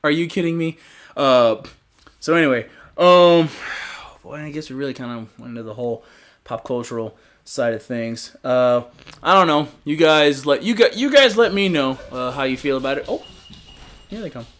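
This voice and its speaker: Rambling young man, lively swooping pitch. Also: normal speed. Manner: loose, rambling, swears freely, laughs often. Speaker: podcast host. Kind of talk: casual livestream chat.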